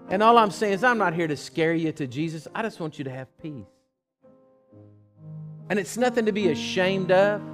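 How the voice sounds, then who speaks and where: A man preaching a sermon in a church, swinging from loud urgent calls to hushed pleading. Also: sits high, expressive, moderate pace, pauses often, over music. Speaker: pastor. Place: church sanctuary with live congregation.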